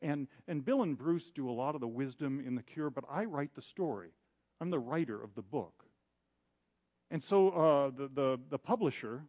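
During a sermon, a man shares a story from his own life with frank, self-deprecating humor, performing the voices of those he quotes. His voice is fairly high and a little mellow.

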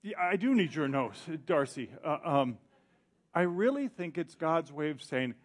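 A middle-aged male pastor preaching a sermon in an animated way, acting out quoted voices. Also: on the high side, a little slow.

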